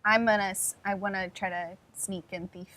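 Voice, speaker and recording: A woman's voice: medium pitch, fairly even intonation, normal speed, pushed and bright, rough recording. A woman playing a tabletop game, speaking tentatively and thinking aloud as she plans her character's moves. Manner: tentative, thinks aloud with restarts while planning. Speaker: player.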